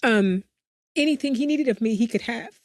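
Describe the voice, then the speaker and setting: A woman's voice: fairly high pitch, moderate pace, dry recording, clean studio sound. Earnest woman sharing caregiving advice. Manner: earnest, open, often says "you know". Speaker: guest, family caregiver. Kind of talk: heartfelt interview conversation.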